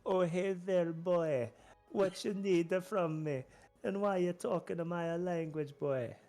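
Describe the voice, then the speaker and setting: Man doing a laid-back male tropical blackbird with a Jamaican accent, gravelly edge, teasing drawl. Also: sits high, slow, warm tone, soft background music, pitched above the performer's own voice. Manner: laid-back, calls everyone "boy".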